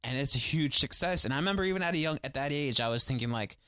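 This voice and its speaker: Bright, dry-voiced young podcast co-host. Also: male voice, medium pitch, expressive, quick pace, smooth, no echo. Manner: enthusiastic, swears freely, says "like" a lot. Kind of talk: casual chat.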